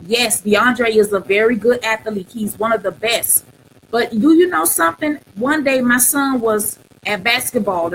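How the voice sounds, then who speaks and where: A woman's voice: fairly high pitch, a bit bright, a little hiss or hum, rough recording. Earnest middle-aged woman host. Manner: earnest, preacher-like, repeats phrases for emphasis. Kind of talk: live testimony talk show.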